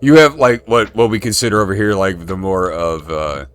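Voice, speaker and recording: A man's voice: low-pitched, moderate pace, fairly bright tone, faint music behind. An American man hosting a casual streamed chat show, rambling and laid-back, swearing now and then. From United States.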